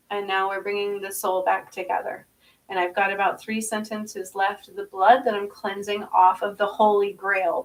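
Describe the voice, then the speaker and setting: This woman's mid-range voice comes through a distant mic on a low-quality recording. Eyes closed, she channels spirits aloud, her monologue intense and repetitive, full of chanted strange syllables and frequent questions about whether listeners understand.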